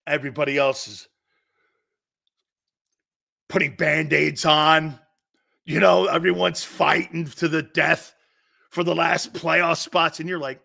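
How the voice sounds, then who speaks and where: A middle-aged man hosting a sports talk show, ranting loudly and mocking rivals. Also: on the high side, unhurried, creaky, long pauses. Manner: loud, mocking, puts on voices and laughs often. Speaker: sports radio host. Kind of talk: animated sports talk rant.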